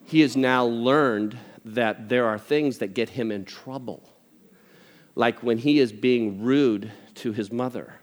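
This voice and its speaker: A man's voice: mid-range voice, slow pace. Older male pastor preaching, conversational. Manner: conversational, jokey asides, animated impressions of family. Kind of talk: sermon.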